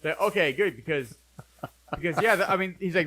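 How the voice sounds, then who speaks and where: Man, podcast host, casual chat, rambling, quick delivery, slightly high voice. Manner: rambling storyteller, quotes people in animated bursts.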